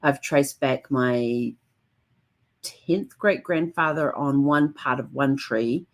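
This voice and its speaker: A middle-aged woman with a notably low voice talks casually about her family history research. She is chatty and expressive, often breaking into her own exclamations in a much higher tone before settling back down. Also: takes it slowly. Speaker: genealogy channel host. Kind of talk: casual solo talk to camera.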